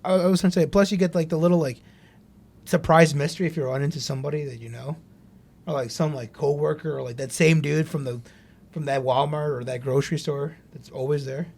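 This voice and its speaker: A man's voice: on the high side, fairly even intonation, a little fast, creaky, a little mellow. A man co-hosting a podcast, chiming in with laid-back, filler-heavy casual chat. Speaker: podcast co-host.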